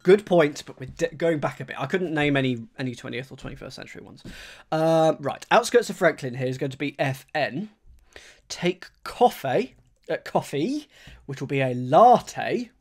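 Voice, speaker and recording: A man streaming live, talking casually to his viewers as he works through crossword clues, thinking aloud and rereading each clue slowly. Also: a little high, expressive.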